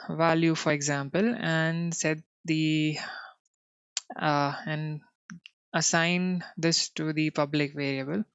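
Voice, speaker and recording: A man's voice: on the high side, creaky, fairly bright tone, clean tone, dry recording, muffled recording. A man with an Indian English accent teaching a live coding lesson. He fills his talk with "you know" and keeps checking in with his viewers. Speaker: coding instructor.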